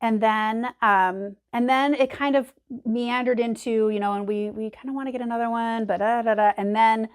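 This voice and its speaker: A woman's voice: fairly high pitch, fairly even intonation, normal speed, few pauses, clear, resonant tone. A woman co-hosting a casual podcast, chatting in an easygoing way with many fillers. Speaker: podcast co-host.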